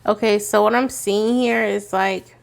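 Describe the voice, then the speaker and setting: A woman's voice: medium pitch, steady tone, a little slow, gravelly. A woman giving a casual tarot reading to her viewers, chatty and goofy, laughing often and sounding tired. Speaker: tarot reader.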